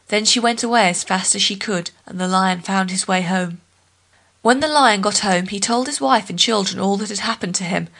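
Female storyteller, steady folk-tale reading. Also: medium pitch.

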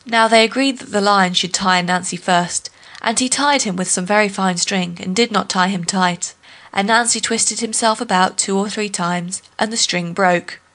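A woman reading a folk tale aloud as a steady, expressive storyteller. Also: medium pitch, moderate pace.

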